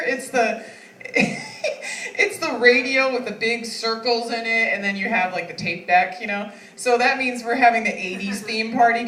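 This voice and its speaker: A woman's voice: a little high, pushed and bright. A woman in her thirties doing stand-up comedy, chatty and self-mocking, laughing often. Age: 30s. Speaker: stand-up comic. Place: comedy club stage. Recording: echoey room, mic at a distance.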